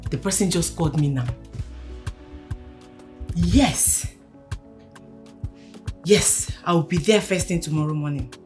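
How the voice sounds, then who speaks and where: An actress playing an emotional parent who moves between whispered relief and pleading. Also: female voice, lowish voice, slow pace, pauses often, a little mellow, faint music behind. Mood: relieved. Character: parent longing for a lost daughter, emotional.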